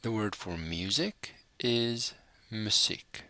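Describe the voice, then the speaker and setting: A man gives a recorded language lesson, saying new words slowly and repeating each one. His voice is low, gravelly and bright-edged. The room sounds dry and close. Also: no echo. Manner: patient, spells out words slowly and repeats them. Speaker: language teacher.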